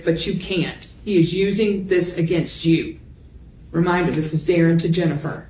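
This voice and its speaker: A woman prosecutor reading messages and timestamps aloud into the court record in a measured voice. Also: on the low side, darkish tone, slight background noise. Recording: echoey courtroom audio.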